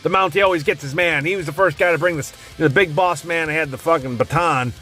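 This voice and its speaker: A man's voice: on the high side, fairly quick, pushed and bright, faint music behind. A man hosting a tier-list video, talking casually and bluntly, rambling and cursing constantly as he ranks old wrestling gimmicks. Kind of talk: casual profane commentary.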